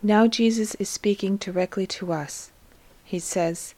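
A woman narrates a devotional story at a mid pitch. Her reading is slow, soft and reverent, with a hushed touch. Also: steady tone. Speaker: reader of devotional text. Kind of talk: scripted narration.

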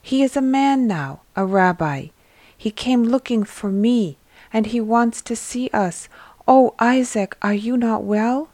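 A woman's voice: medium pitch, unhurried, a little mellow, no room sound, natural voice. A woman voicing an eager male shepherd disciple in a read-aloud story, speaking urgently and emphatically. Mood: excited. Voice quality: read aloud in narrator's own voice.

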